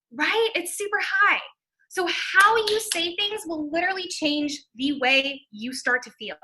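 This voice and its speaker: Brief: high, very bright woman coach, loud and fast at a live seminar, near yell-talking. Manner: energetic, loud and quick, near yelling. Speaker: life coach.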